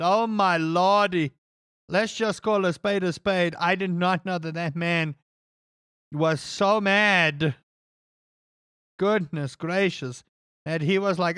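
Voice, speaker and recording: A man streaming a game while he rants, throwing out rhetorical questions and pushing his voice up high when he gets worked up. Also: fairly bright tone, clean tone, no echo, clean studio sound. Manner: ranting, piles up rhetorical questions. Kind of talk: casual rant while gaming.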